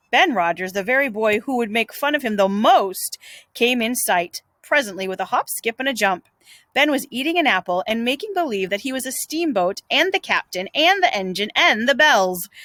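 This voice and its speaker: Animated woman reading a storybook aloud. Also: fairly high pitch, dry recording. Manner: expressive, animated reading with small slips. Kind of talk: read-aloud storybook narration for English learners.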